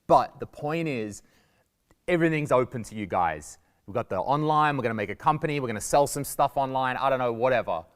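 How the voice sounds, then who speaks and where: Animated Australian man in a reverberant hall. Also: mid-range voice, fairly quick, clear, resonant tone. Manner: animated, jokey, acts out quoted voices. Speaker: comedian giving a guest lesson. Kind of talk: lively stand-up style talk to students.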